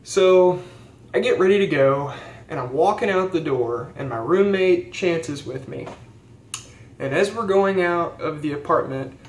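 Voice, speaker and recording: A man's voice: on the high side, animated, unhurried. A young man and theology student telling a story in a casual vlog, earnest and rambling with fillers and restarts. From rural United States. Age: young adult. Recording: echoey room with faint background hiss.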